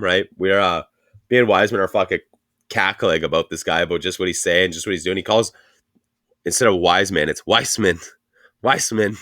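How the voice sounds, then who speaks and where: A man with a deep, low voice co-hosts a podcast in loose casual chat. He rambles through stories, swears freely and laughs along the way. His voice sounds dry and close, with no room around it. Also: a bit bright, dry recording. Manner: rambling profane storytelling, laughing often. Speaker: podcast co-host.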